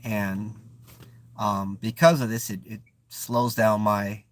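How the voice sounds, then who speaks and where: A man with a Bay Area accent, English not his first language, talks casually to his stream audience in a lowish voice. He hunts for words as he goes, restarting and filling gaps with "um" before pressing on. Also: level tone, slow pace. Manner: searching for words, frequent restarts and fillers. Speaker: channel host. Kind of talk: casual live-stream chat.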